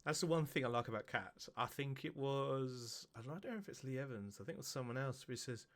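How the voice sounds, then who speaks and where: A man's voice: mid-range voice, animated, fairly quick, fairly bright tone, a little hiss or hum. A man doing casual reaction commentary, swearing, laughing and putting on silly voices. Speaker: reaction video host.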